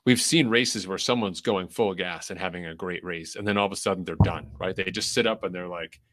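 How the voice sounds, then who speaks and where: A man's voice: deep voice, fairly quick, a bit bright, no room sound. Rambling man hosting a podcast, dry sound. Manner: rambling, filler-heavy, self-interrupting. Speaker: podcast host. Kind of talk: casual chat.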